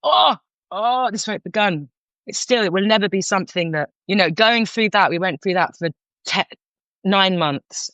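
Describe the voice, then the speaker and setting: A woman's voice: medium pitch, moderate pace, no room sound. Frank North London woman, dull sound. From North London, England. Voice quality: frank, animated, many restarts. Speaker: guest, counsellor. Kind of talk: candid storytelling.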